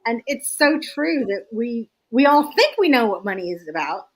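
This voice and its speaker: A woman's voice: a little high, sing-song, normal speed, rough recording. A woman interviewer chatting casually and agreeably, laughing easily as she responds. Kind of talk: casual conversational chat.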